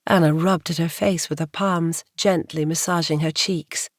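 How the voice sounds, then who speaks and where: A woman narrating a romance audiobook in a measured, atmospheric way. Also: sits low, fairly even intonation, no room sound, clean studio sound. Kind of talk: scripted narration.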